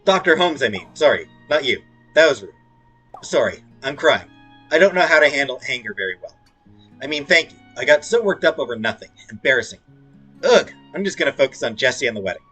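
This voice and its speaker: Soft music plays behind a man who reads a video game's dialogue aloud in character voices, cracking playful jokes between lines. His mid-range voice swings widely in pitch, and he talks briskly in a pushed, bright, somewhat breathy way.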